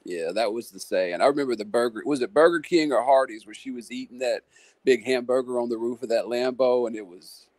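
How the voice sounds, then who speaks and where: A man's voice: medium pitch, brisk, darkish tone, dry recording. A man who hosts a live panel stream and chats casually, musing at length in a friendly way. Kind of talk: casual chat.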